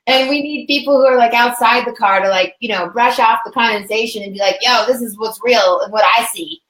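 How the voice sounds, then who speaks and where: A woman's voice: on the high side, fairly quick, crowd noise. A woman author as a guest in a casual chat, talking in an upbeat, earnest and slangy way. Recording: echoey room.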